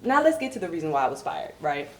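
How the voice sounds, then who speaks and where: A woman from Virginia with a Southern accent performing a brassy, animated stand-up comedy set. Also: fast, echoey room. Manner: brassy, animated, puts on high posh voices for coworkers.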